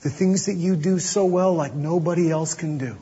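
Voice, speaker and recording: A man preaching a sermon as pastor, earnest, dropping to a hush to press his points. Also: a little high, moderate pace, breathy edge. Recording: dull audio with long hall reverb.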